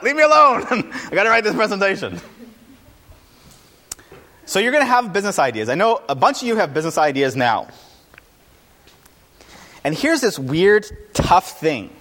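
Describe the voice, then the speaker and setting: An entrepreneur gives a lively, informal talk before a live audience in a slightly high voice. He punctuates it with punchy lines and self-deprecating asides.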